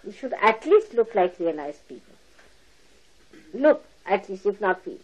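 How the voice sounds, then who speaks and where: An older woman giving a spiritual talk to followers, animated and laughing, mimicking people as she speaks. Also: mid-range voice, measured pace, highs cut off. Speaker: spiritual teacher. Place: lecture hall.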